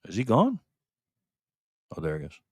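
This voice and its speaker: With a low, breathy-edged voice and huge pitch swings, an upbeat man talks at normal speed while hosting a live stream. He reads comments, chats casually, and greets viewers by name, with no echo on the recording.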